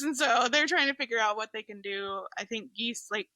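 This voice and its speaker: A woman, a podcast guest telling a story in an expressive way and laughing easily, on a close mic. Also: a little high, normal speed, few pauses, no room sound. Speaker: guest, journalist. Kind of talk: casual podcast chat.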